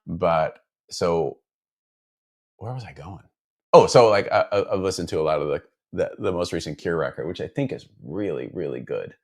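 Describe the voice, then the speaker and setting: A man's voice: low-pitched, animated, normal speed. A man building guitars, chatting casually and rambling while he works in his workshop, with lots of fillers and self-deprecating asides. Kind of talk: casual chat while working.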